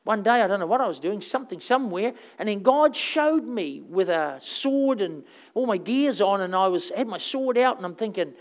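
Rambling, animated woman preacher. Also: medium pitch, moderate pace, hardly any pauses. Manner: conversational, rambling storytelling with fillers; animated, swings between loud and soft. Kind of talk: sermon.

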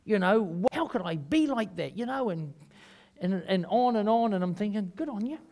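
A man with a New Zealand accent preaching a sermon, rambling and emphatic, swinging between loud and quiet. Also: sits high, expressive, normal speed. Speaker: pastor.

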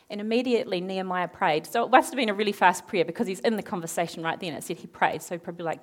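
A woman preaching a sermon, retelling a Bible story in a lively way, acting out the characters' lines and asking her listeners questions. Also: medium pitch, fast, few pauses. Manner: animated, acts out quoted characters, asks the audience questions.

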